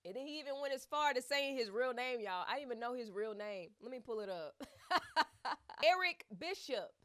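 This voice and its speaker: Woman commentator, casual, chatty, a bit high, loose storytelling. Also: normal speed. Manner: chatty and animated, with many fillers.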